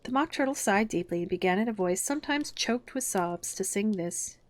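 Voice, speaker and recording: A woman reading a classic children's story aloud in a calm, gentle, measured bedtime style. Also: mid-range voice.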